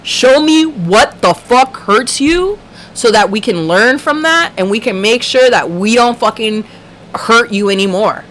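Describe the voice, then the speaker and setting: A woman's voice: on the high side, expressive, measured pace, fairly bright tone, slight background noise, low-quality recording. Swearing, passionate woman livestreamer. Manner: passionate, heavy swearing, laughs often. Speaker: livestream host. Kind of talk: casual livestream chat.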